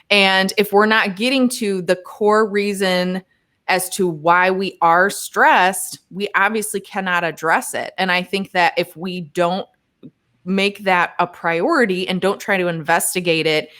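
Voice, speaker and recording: A woman's voice: medium pitch, fairly even intonation, a little slow, a bit bright. A woman co-hosting a podcast, reflectively explaining a point in casual chat. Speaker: podcast co-host.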